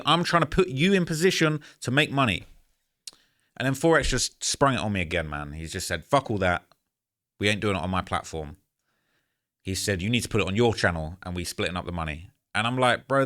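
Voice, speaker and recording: Here a man with a slightly bright mid-range voice tells a story to camera as a YouTuber. He's candid and rambling in this casual monologue, earnest and frustrated, often using "man" and "bro."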